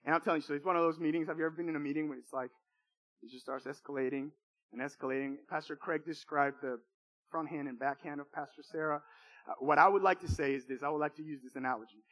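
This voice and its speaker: A man's voice: on the high side, fairly even intonation, fast, fairly bright tone. A man preaching a sermon, telling a personal testimony in an emphatic, repetitive way with emotional swings.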